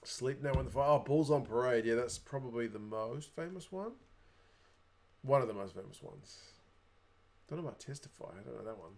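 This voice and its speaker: A man's voice: medium pitch, lively intonation, fairly quick, creaky. A young adult man with a New Zealand accent, hosting a casual livestream, chatting away and reading viewer comments aloud. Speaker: livestream host.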